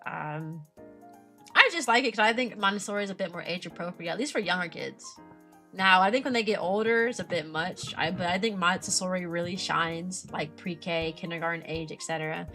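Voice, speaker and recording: A young woman, a streamer who teaches kindergarten, chatting casually and animatedly about her work, often mimicking parents in a higher voice. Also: brisk, sharp tone, faint music behind. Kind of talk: casual chat.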